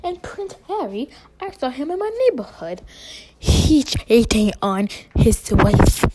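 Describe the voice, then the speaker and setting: A woman putting on a showy fake-British accent as a female tea host, playful and with whispered, drawn-out words. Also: sits high, sing-song, a little mellow, heavily acted. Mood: mock posh. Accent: put-on British.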